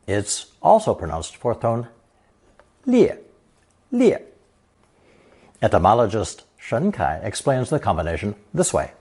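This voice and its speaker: A man narrating a scripted language lesson, explaining characters slowly and reading example sentences. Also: fairly low pitch, big pitch swings, darkish tone, slightly rough. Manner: slow, measured explanations with example sentences read aloud. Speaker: language teacher.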